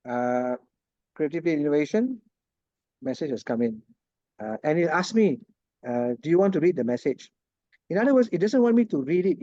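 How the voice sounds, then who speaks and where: A man's voice: fairly high pitch, mellow, no echo, highs cut off. A man giving a casual online lecture, chatty and laughing often, checking in with his students. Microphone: video call.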